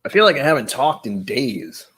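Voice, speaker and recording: A man's voice: medium pitch, sing-song, moderate pace, fairly bright tone, slightly rough. A man hosting a casual livestream, rambling and chatty with frequent laughs, his voice a bit tired. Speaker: livestream host.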